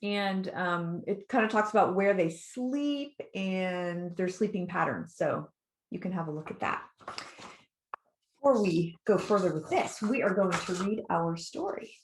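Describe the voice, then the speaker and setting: A middle-aged woman, a children's author, reading her picture book aloud to kids in a lively, encouraging way and asking them questions. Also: on the low side, measured pace, slight background noise. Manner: lively, animated and encouraging, with questions put to young listeners. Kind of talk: read-aloud storytime for kids.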